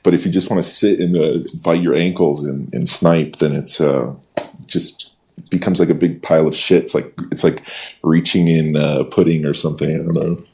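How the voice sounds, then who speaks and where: A man with a very deep voice joins a casual online voice chat. He speaks haltingly, restarting and repeating his words before he gets his point out. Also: fairly even intonation, vocal fry, darkish tone. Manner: hesitant, repeats words, laughs along.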